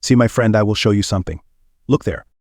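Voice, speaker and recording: A man's voice: fairly low pitch, fast, darkish tone, no room sound, studio quality, natural voice. A man voicing Poirot, a fussy precise detective.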